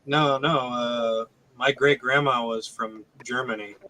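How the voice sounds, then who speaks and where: A man's voice: mid-range voice, steady tone, measured pace, sharp tone, rough recording. A man chatting casually as a guest on a livestream, telling a family anecdote in an easygoing way. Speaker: guest on the stream.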